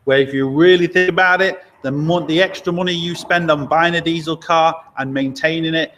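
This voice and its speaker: A garage owner from Lincoln, England, chats casually on a live stream, answering viewer questions with easygoing, blunt opinions and frequent laughs. His voice is a little high and a bit bright, with fairly even intonation and a brisk pace, plus a little hiss or hum.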